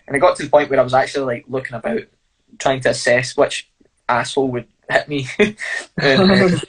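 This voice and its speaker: A man with a husky, slightly rough voice, chatting as an interview guest. He tells blunt, sweary stories in a relaxed, laughing way. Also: mid-range voice, brisk, low-quality recording. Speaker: fighter and guest. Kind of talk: casual storytelling interview.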